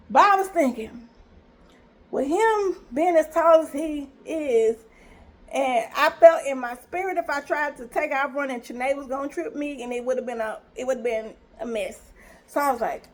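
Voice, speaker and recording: A woman telling a personal story to her viewers in a casual, animated way, acting out the dialogue. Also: high voice, fairly quick. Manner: animated, retells scenes with quoted dialogue.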